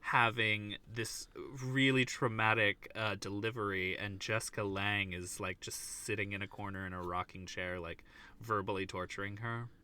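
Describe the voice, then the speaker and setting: A male podcast host talking casually and animatedly, joking and tripping over restarts. His voice is very bright and smooth. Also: fairly low pitch, steady tone, normal speed. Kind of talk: casual chat.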